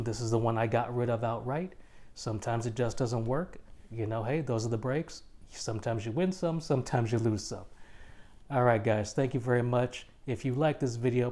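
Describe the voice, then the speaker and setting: A man's voice: mid-range voice, dark tone. A man reviewing fragrances in a casual video, blunt and emphatic, repeating his points for effect.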